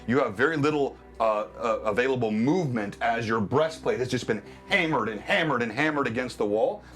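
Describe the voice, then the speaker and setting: A man running a tabletop game as game master on a live stream, animated and laughing often as he narrates and explains rules. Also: medium pitch, a little fast, soft background music.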